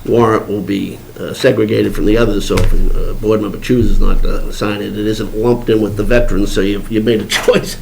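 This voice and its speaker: A man's voice: on the low side, flat delivery, moderate pace, gravelly, hardly any pauses. A man chairing a select board meeting, blunt and sarcastic in debate. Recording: noisy meeting room recording.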